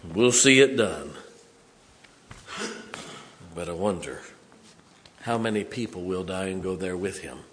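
Man, 60s, pastor, passionate sermon, low-pitched. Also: a little slow, pauses often, slight background noise. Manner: impassioned preaching, swings from loud to hushed.

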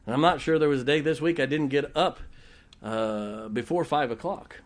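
A man's voice: mid-range voice, moderate pace. Folksy storytelling male pastor. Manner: folksy storytelling, joking with the congregation. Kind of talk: sermon with personal stories.

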